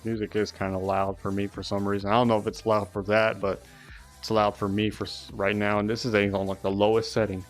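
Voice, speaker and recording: A man's voice: fairly low pitch, level tone, brisk, soft background music. A young man chatting casually and rambling on a live stream, swearing often.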